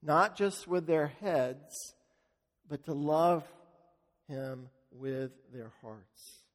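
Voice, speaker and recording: A man preaching a sermon as pastor, telling a story earnestly and slowing down for emphasis. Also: on the high side. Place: church sanctuary. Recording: long church-hall reverb.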